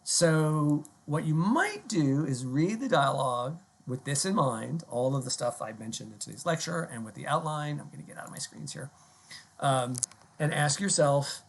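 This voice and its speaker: A man's voice: on the high side, creaky, slightly rough. A man giving a recorded online lecture in a conversational way, with many ums and rhetorical questions.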